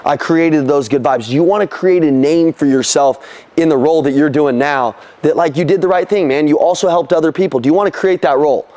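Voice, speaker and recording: A young man giving a motivational sales training talk, energetic and casual, swearing freely and throwing questions at the room. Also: on the high side, quick pace.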